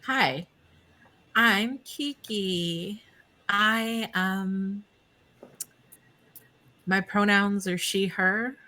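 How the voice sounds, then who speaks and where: A woman introduces herself as a player, speaking very slowly with a bright, sharp tone. She hesitates now and then and slips in dry little jokes. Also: medium pitch. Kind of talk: casual stream introduction.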